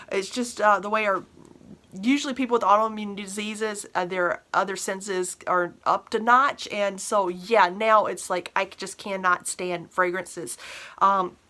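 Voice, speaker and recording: A woman's voice: mid-range voice, bright, forceful tone. A middle-aged woman from northern Minnesota chatting casually through an honest product review, full of fillers and restarts. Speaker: beauty and household product vlogger.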